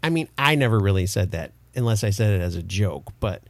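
A man hosting a casual podcast chat, telling stories in a lively, animated way. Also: lowish voice, brisk, no echo. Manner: animated storyteller. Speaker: podcast host. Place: Detroit area.

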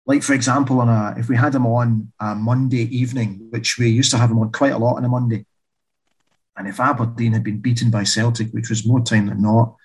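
A man speaks as an author in a relaxed interview, with a husky edge to his voice. He tells long anecdotes and laughs as he goes. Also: mid-range voice, a little fast, low-quality recording. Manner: chatty storyteller, laughs while telling anecdotes. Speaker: author and guest. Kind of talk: casual interview chat.

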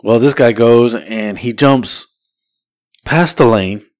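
Male podcast co-host, mid-pitched, swears freely while spinning a long casual anecdote. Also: takes it slowly, a little mellow. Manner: profane, rambling anecdote-telling. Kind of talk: casual storytelling.

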